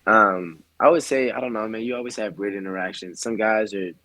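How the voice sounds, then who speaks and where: A man's voice: lowish voice, fairly quick, bright, forceful tone, no room sound, low-quality recording. A young adult man, a baseball player guest, telling stories in a laid-back way full of slang on a casual podcast.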